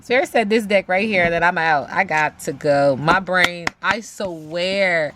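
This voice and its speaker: A woman's voice: on the low side, a little slow, hardly any pauses, noisy background. A woman giving a casual spiritual tarot reading, emphatic, talking aloud to spirit and repeating phrases. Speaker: tarot reader.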